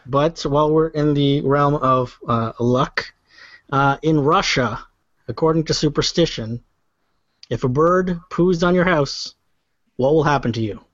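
A man's voice: on the high side, a little slow, a bit bright, no echo. A man hosting a casual quiz game, joking and laughing easily. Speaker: quiz host. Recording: dry, dull sound.

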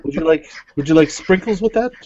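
A man co-hosting a casual podcast, trading jokey deadpan asides with his friends. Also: a little high, quick pace, dull audio, a little hiss or hum. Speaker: podcast co-host.

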